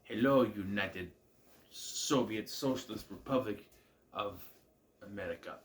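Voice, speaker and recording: A man voicing a scheming adult male spy villain in a low, mocking quoted voice. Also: a little slow, slight background noise, close to an everyday voice.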